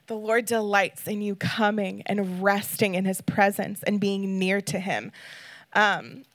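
A woman's voice: medium pitch, fairly even intonation, measured pace, no room sound. A woman guest speaker giving an earnest, emotional sermon, reading scripture and talking casually with fillers.

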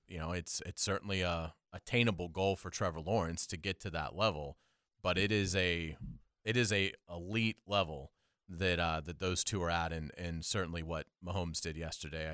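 A man co-hosting a sports talk show, giving measured football analysis backed by stats. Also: sits low, a bit bright, dry recording, clean studio sound.

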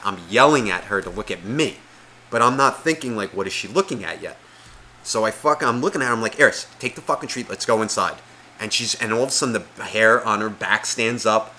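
A man's voice: on the low side, sharp tone, slight background noise. A man co-hosting a podcast, telling a story in casual chat, swearing a lot and acting out the voices of the people in it. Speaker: podcast co-host.

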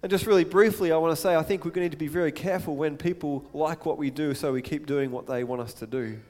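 A man with a fairly high voice preaches a sermon, his words trailing off into the long reverb of a large hall. He talks in a conversational way, pausing for asides and acting out the quoted lines. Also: darkish tone.

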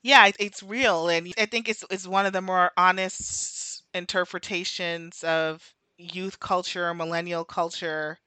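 Female co-host, chatty TV recap, animated asides, bright and punchy tone. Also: fairly low pitch, clean tone, no echo. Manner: animated, tangents, quick asides, laughs often. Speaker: podcast co-host. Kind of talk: casual TV recap chat.

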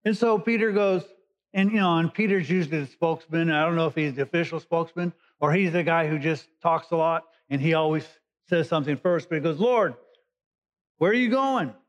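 A male pastor with a slightly high voice and a steady tone speaks a little fast. His conversational sermon paraphrases scripture in everyday language, and the recording is dull and lo-fi.

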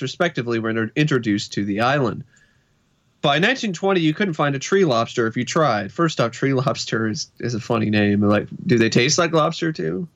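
Reading facts from a list on a casual talk show, this podcast co-host slips in dry jokes between items. He has a medium-pitched, fairly bright voice, and the sound is lo-fi.

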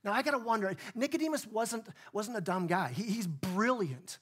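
A man's voice: high-pitched, animated, normal speed, a bit bright, slightly rough. Conversational male pastor preaching. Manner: conversational, plays out dialogue in voices. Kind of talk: sermon. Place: church.

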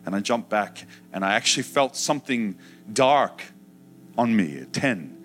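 Preacher, male, low voice, emotional testimony storytelling, soft music under it. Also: big pitch swings, a little slow. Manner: emotional storytelling, acts out shouted childhood quotes. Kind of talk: personal testimony sermon.

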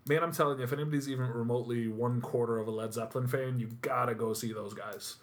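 Man, upstate new york accent, quick talker, animated storytelling, podcast co-host. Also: mid-range voice. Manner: animated anecdote telling. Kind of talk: casual chat.

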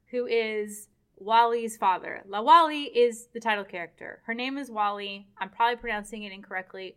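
A woman's voice: on the high side, a bit bright, smooth. A woman hosting a casual chat, retelling an opera plot and laughing often. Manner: laughs often, chatty storytelling.

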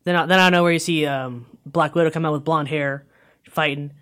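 A man in casual chat, excitedly retelling scenes in a rambling way and briefly acting out the characters' lines. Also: on the high side. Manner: excited, rambling retelling with quick acted-out quotes. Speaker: co-host recapping a film trailer.

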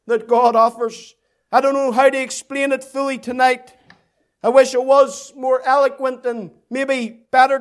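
A man with a Northern Irish accent preaching an evangelistic sermon, building fervent, rhythmic repetitions as he appeals to listeners. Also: extremely high pitch.

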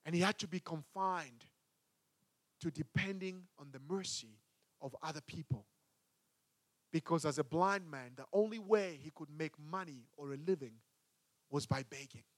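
A man preaching a sermon as a pastor, with emphatic delivery that swings between loud and hushed. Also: a little high, moderate pace, pauses often, no room sound.

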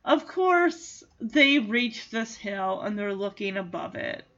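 A woman chatting casually in an amused way as she recaps a movie and does quick character voices. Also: medium pitch, animated, fairly bright tone, dull audio.

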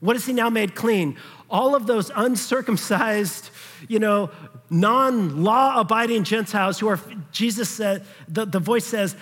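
A high-voiced man delivers a sermon with a husky edge, his words carrying a long reverb through a church hall. He keeps the preaching conversational, checking that his listeners are following and briefly acting out the voices in the story. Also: a little fast, a bit bright. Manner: acts out quoted voices in passing. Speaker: pastor.

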